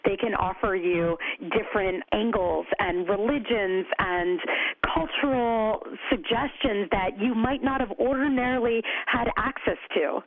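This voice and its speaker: A woman's voice: a little high, unhurried, dry recording. Woman guest on a tinny phone line. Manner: candid, animated, frequent "like" and "you know". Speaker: podcast guest, co-founder of a grief community. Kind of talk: conversational interview.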